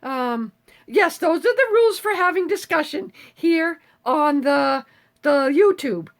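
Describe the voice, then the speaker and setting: A woman in her seventies with a very high, lively voice, chatting casually as she answers viewers on a live stream. She talks in a salty, easygoing way and swears freely. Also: slow. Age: 70s.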